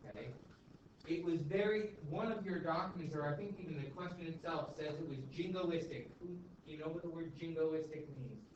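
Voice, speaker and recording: A man's voice: a little high, fairly quick, a little mellow. Guy teaching a class, chatty, keeps saying okay and right, echoey room, kinda distant and noisy. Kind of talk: classroom lecture. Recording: echoey classroom, far mic, dull and noisy.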